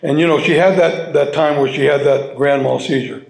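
Gravelly man, halting heartfelt testimony. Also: a little high, fairly even intonation. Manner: halting and heartfelt, full of restarts and repeated words. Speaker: speaker sharing his story at a recovery meeting. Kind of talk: personal testimony to a live audience. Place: meeting hall with audience. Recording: roomy hall sound.

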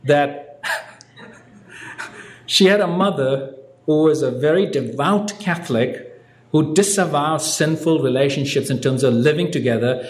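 A man from India telling his life story from a podium, wry and self-mocking, with audience laughter in the room. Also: on the high side. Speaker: recovery meeting speaker. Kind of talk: personal story told from a podium. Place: meeting hall with an audience. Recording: echoey room.

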